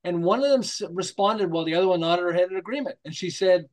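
A man's voice: high voice, quick pace, few pauses, a little mellow. An older man talking as an interview guest, telling stories animatedly, acting out quotes and often checking in with "okay?". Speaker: marketing guest. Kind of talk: storytelling interview talk.

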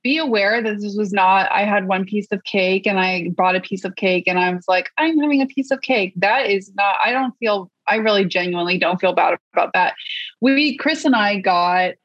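Animated woman on a dull, dry mic. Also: medium pitch, moderate pace, no room sound. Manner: animated, self-mocking, trailing restarts. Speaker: podcast co-host. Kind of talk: casual chat.

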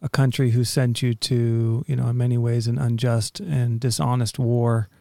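A male interviewer with a gravelly, mellow voice asks long, winding questions, restarting as he hunts for the right words. The sound is close and dry. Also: medium pitch, little pitch movement, normal speed, dry recording.

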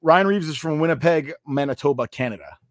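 A man's voice: on the high side, fairly quick, no echo, clean studio sound. A young man co-hosting a casual sports podcast, arguing in profane banter. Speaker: podcast co-host.

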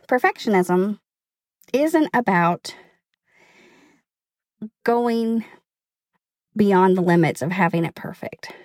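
A woman talking casually in a storytime vlog from her car, chatty, emphatic and excited. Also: medium pitch, no room sound, clean studio sound. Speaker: vlogger, home organizer. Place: inside a parked car.

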